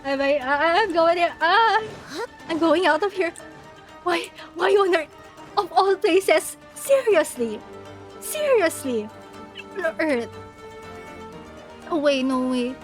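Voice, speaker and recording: Young woman streamer, very high voice, giggly and excitable, panics loudly, faint game music underneath. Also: slow pace, pauses often. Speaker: VTuber streamer. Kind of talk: casual live-stream chat while gaming.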